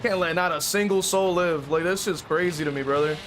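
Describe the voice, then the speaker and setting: A man with a high voice rambles through casual gameplay commentary, full of fillers, profanity and frustration. Steady noise sits behind his voice. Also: a little fast. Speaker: streamer playing a killer.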